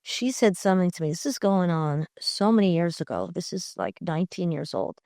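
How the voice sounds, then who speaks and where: A woman's voice: fairly low pitch, brisk, warm tone, no room sound, clean studio sound. Chatty enthusiastic middle-aged woman. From Long Island, New York. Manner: chatty, enthusiastic, many fillers. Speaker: podcast guest, entrepreneur. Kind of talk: conversational interview.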